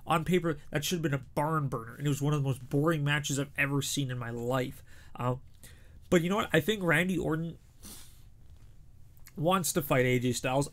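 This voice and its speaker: A man's voice: on the high side, a bit bright. A young man giving casual, opinionated predictions as a show host, chatty with frequent restarts.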